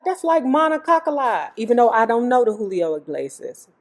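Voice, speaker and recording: A woman's voice: fairly high pitch, big pitch swings, a little fast. A woman host reading a memoir aloud, breaking off for blunt, joking commentary. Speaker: YouTube host.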